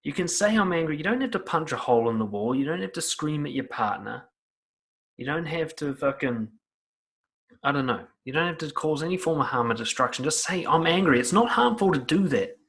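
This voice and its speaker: A man's voice: fairly high pitch, expressive, brisk, fairly bright tone. A man giving blunt, profane self-help advice straight to the listener. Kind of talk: direct-to-camera advice talk.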